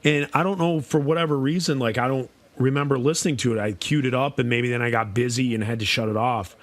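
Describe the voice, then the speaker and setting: A man co-hosting a podcast in casual chat, relaxed and rambling, talking nostalgically. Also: mid-range voice, quick pace. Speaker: podcast co-host.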